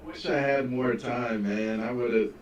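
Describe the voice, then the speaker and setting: A man's voice: mid-range voice, fairly even intonation, unhurried, muffled recording, a little hiss or hum. A man in casual chat, mostly giving short agreeing replies. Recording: echoey room, off-mic.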